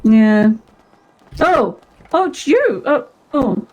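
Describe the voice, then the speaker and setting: A woman's voice: sits high, big pitch swings, extremely slow, darkish tone, lo-fi sound. A woman role-playing in a video game, playful and giggly.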